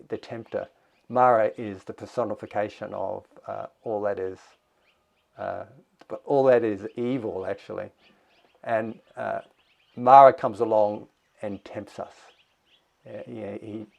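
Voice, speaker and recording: A man giving a dharma talk as a meditation teacher, in a slow, reflective way with thoughtful pauses. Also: on the low side, steady tone, vocal fry, a little mellow.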